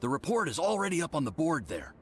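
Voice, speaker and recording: A man's voice: fairly high pitch, huge pitch swings, fast, very noisy. A man voicing an eager, polite young male research assistant in a game. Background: faint game music.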